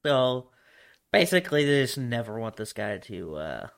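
A young man chats loosely on a podcast, swearing freely and laughing between his rambling thoughts. His voice sits at an ordinary middle pitch. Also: big pitch swings, normal speed, vocal fry, clean tone. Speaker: podcast co-host. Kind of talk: casual chat.

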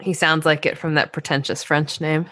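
A woman's voice: low-pitched, level tone, normal speed, fairly bright tone. A woman co-hosting a podcast, chatting casually and throwing in dry, teasing quips. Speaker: podcast co-host. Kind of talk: casual chat.

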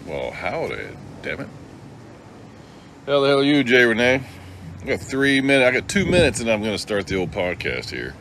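A man's voice: medium pitch, huge pitch swings, normal speed, a bit bright, a little hiss or hum. A middle-aged man hosting a casual live stream, rambling and joking as he greets viewers by name.

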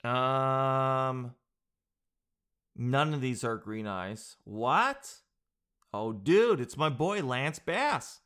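Casual male vlogger, animated and wisecracking. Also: medium pitch, drawn-out words, clean tone. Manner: excitable, jokey, says "dude" a lot. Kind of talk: casual chat reading an article aloud.

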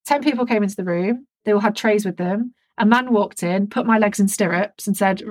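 A woman's voice: mid-range voice, fairly quick, no echo. A woman co-hosting a podcast, telling a story candidly and with energy, swearing freely. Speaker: podcast co-host. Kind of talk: frank casual chat.

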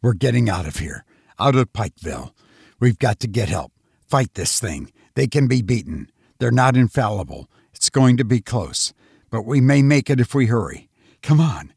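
A man voicing a grim, urgent husband and father, talking in a clipped, commanding, hurried way. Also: medium pitch, very animated, gravelly, a little mellow, breathy edge, no echo, studio quality, full character voice.

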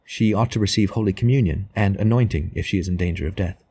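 A man voicing a guarded priest in a low, steady, reserved way, answering curtly. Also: quick pace, vocal fry, breathy edge, exaggerated voice. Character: steady, guarded middle-aged male priest.

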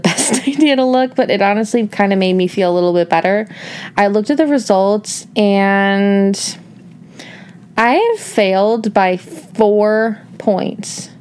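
A woman's voice: mid-range voice, a little mellow, slight background noise. A woman in her thirties from Northeast Ohio, hosting a solo podcast in a chatty, casual way, with lots of filler words and emphatic asides. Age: 30s. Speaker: podcast host.

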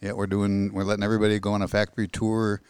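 A middle-aged man talks with an easy, plain-spoken calm and a dry sense of humor. His voice sits very low. The sound is close and dry, with no room around it. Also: racing, smooth, no echo. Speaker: industry guest, engine company manager. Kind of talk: casual interview chat.

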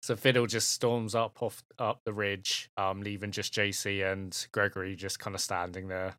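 A man's voice: on the low side, little pitch movement, normal speed, sharp tone, no echo, studio quality. A man narrating a tabletop game as game master, in a loose, chatty way with lots of fillers.

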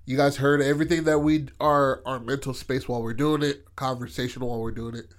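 A man co-hosts a podcast in casual conversation, telling stories animatedly, laughing often, and swearing freely. His mid-range voice holds a steady tone at a fairly quick pace.

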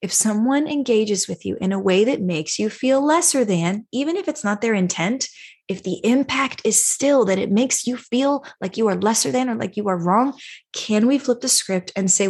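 A woman's voice: on the high side, lively intonation, normal speed, a little mellow, slightly rough. A woman hosting a parenting podcast, coaching listeners emphatically and acting out example phrases. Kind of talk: solo podcast teaching.

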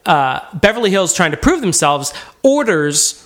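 Male podcast co-host, high and bright voice, quick jokey riffs. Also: big pitch swings. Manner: jokey, quick to riff and mimic. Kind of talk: casual movie recap chat.

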